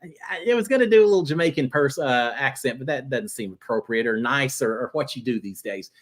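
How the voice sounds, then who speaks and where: Male host, live fan-chat show, conversational, pitch jumps around a lot, middle register. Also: a little fast. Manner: chatty and animated, jumping between topics. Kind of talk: casual live chat answering viewer questions.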